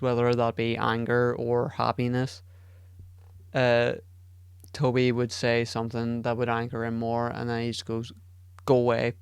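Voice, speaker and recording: A man hosts a solo podcast, chatting casually in a rambling, profane, self-deprecating way. His medium-pitched voice is clear and resonant, in a dry, clean studio recording.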